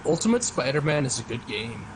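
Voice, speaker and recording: A man's voice: mid-range voice, big pitch swings, a little fast. A man chatting casually while streaming a game, swearing a lot and joking with friends. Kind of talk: casual gaming chat. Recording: noisy stream audio.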